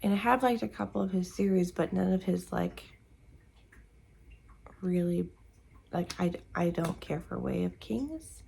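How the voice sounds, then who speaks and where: A woman's voice: on the low side, a little slow, vocal fry, pauses often, warm tone, a little hiss or hum, rough recording. A tired, sleepy woman chatting casually at home in the morning as a book vlogger, rambling and searching for words. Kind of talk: casual morning chat to camera.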